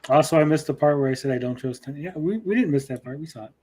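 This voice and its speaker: A man's voice: fairly high pitch, rapid-fire, mellow, a little hiss or hum. Blunt joking male stream host. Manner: blunt, joking, swears freely. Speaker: show host reading chat. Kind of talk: casual livestream chat.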